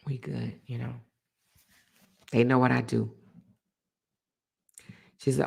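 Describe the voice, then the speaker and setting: A middle-aged woman hosting a casual livestream chat and reading viewer comments aloud, animated and chatty, repeating phrases for emphasis. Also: extremely low pitch, moderate pace, creaky, long pauses, husky. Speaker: host.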